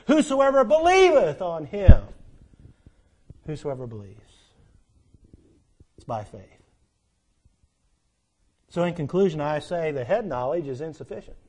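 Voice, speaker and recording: A man preaching a sermon, quoting scripture in old-fashioned wording, swinging from loud emphatic peaks to low, quiet stretches.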